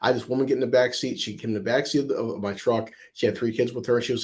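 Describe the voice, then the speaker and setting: A man streaming a casual chat and telling rambling stories at a fast clip. His pitch sits in an ordinary middle range. His stories are full of swearing. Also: fairly even intonation, a little mellow. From upstate New York. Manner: rambling, profane storytelling. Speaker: streamer and part-time Uber driver.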